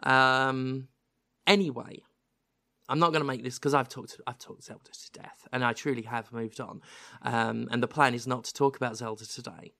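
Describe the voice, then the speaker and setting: A man with a British accent that carries a slight American hint, hosting a podcast in animated, self-mocking casual chat. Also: mid-range voice, normal speed, vocal fry, no room sound, clean studio sound. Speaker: podcast host.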